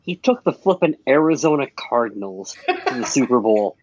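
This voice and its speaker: A man's voice: medium pitch, very animated, normal speed, a little mellow. A man co-hosting a live stream, chiming in with short, joking remarks. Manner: brief reactions, joking. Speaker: co-host. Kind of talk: casual chat. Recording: dull lo-fi call audio.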